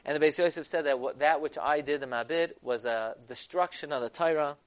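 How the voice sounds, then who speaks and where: A man giving a text-study lecture. He reads Hebrew sources and explains them in English, growing loud and emphatic at key points. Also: fairly high pitch, fairly quick. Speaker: Torah lecturer.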